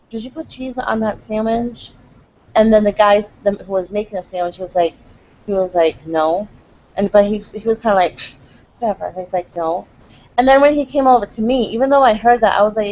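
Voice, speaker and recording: A middle-aged woman vlogger telling a frustrating story in quick, animated casual talk. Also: on the high side. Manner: fast, animated, frustrated retelling. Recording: dull lo-fi home recording.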